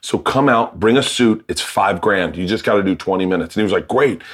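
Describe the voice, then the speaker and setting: A middle-aged man telling comedy-club stories in casual chat, animated, acting out quoted voices and laughing often. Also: on the low side, fairly quick.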